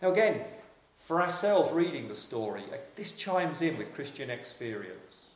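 A man's voice: mid-range voice, sing-song, normal speed. Earnest man preaching in an echoey hall. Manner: earnest, reflective, repeats phrases for emphasis. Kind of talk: sermon.

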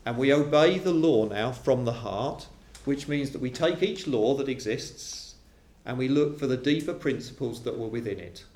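A man preaching a sermon to a congregation, animated and acting out quoted voices. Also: medium pitch, moderate pace. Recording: roomy echo of a hall.

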